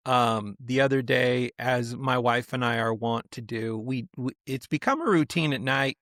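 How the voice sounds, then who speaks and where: A middle-aged man co-hosting a podcast, telling stories in a casual, animated way and slipping into the voices of the people he quotes. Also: medium pitch, moderate pace, no echo, clean studio sound. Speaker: podcast co-host. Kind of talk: casual chat.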